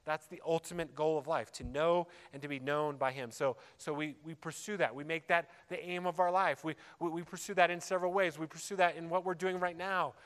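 A man's voice: on the high side, fairly even intonation, fairly quick, hardly any pauses, a bit bright, clear, resonant tone. A man preaching a sermon as a pastor, earnest and emphatic, repeating key phrases for weight. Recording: long hall reverb.

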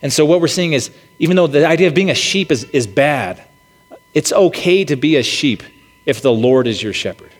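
A man's voice: fairly high pitch, lively intonation, moderate pace. A man giving a sermon in a casual, conversational way, with frequent restarts and check-ins with the listeners. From United States. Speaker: pastor. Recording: long reverb of a large hall.

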